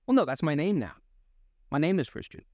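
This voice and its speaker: A young adult man who is a voice actor co-hosts a casual comedic podcast chat, rambling through stories animatedly and laughing often. His voice is on the high side and a little fast, recorded clean in the studio with no echo.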